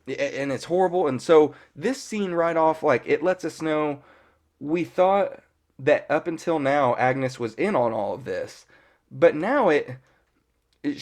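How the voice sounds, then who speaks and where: A man's voice: a little high, animated, a little slow, darkish tone. A man giving a casual, rambling episode recap as a fan reviewer, full of fillers and mild swearing.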